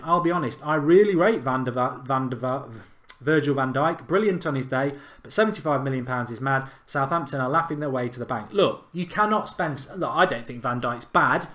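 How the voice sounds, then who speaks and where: A man hosting a fan channel and delivering an emphatic, indignant football rant. He repeats his points for effect. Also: fairly high pitch.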